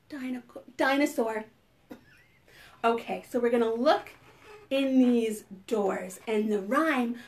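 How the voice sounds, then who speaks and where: A woman's voice: high-pitched, darkish tone. A woman librarian leading a preschool storytime, playful and sing-song, gasping and making animal sounds for the children.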